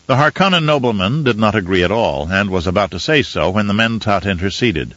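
A man narrating a novel as an audiobook in a steady, descriptive storytelling manner. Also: lowish voice, a little fast, few pauses, dry recording, highs cut off. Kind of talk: scripted narration.

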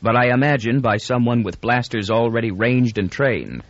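A man's voice: mid-range voice, animated, normal speed, no room sound, dull audio, natural voice. A male narrator voicing an irritable young man who gives terse, guarded answers in an audiobook.

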